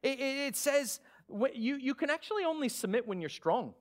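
A male pastor with an Australian accent preaching a sermon, lively with sarcastic asides. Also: very high voice, fairly quick.

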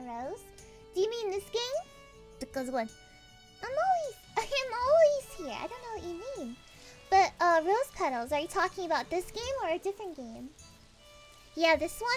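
A woman streaming a game and chatting casually with viewers, bubbly and excitable, rambling with exclamations. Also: very high-pitched. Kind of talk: casual livestream chat while gaming.

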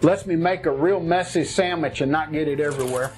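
High-voiced guy doing a kitchen cooking show, folksy and jokey, faint music behind. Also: fairly quick. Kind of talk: casual cooking demo.

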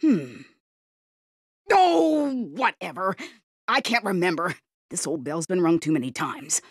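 An actress voicing a gruff, impatient older village woman in a video game, brusque and demanding. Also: lowish voice, very animated, slow pace, no room sound, studio quality, full character voice.

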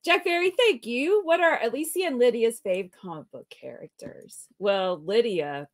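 A woman with a fairly high voice co-hosts a live comics talk show, giggling and chatting casually as she reads viewer messages aloud, often trailing off mid-thought. Her intonation is lively and her pace moderate.

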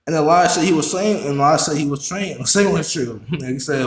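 A man hosting a reaction video who talks excitably, swears a lot and repeats himself. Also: a little high, quick pace, hardly any pauses, echoey room. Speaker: YouTube reaction host. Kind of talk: casual reaction commentary.

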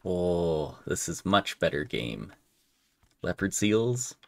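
Low-pitched and slow, with vocal fry and no room sound, this man comments casually on a game he's playing for his gaming channel. His let's play talk is relaxed, full of thinking aloud and trailing off as he decides what to do.

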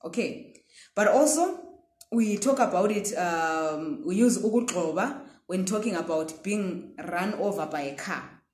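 A woman teaching a language pronunciation lesson, speaking patiently, repeating words slowly and often saying "okay". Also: on the low side, expressive, a little mellow, roomy sound.

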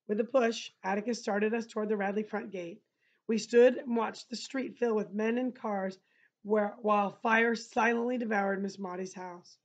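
A woman teacher reading a novel aloud and pausing to explain passages to her listeners. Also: medium pitch, steady tone. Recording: dull lo-fi recording.

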